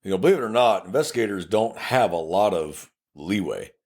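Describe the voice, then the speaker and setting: A man's voice: on the low side, a little fast. A male police investigator co-hosting a casual podcast, telling blunt, plainspoken stories about his work and acting out the exchanges. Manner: animated storyteller who acts out quoted exchanges; blunt and plainspoken, with occasional cursing.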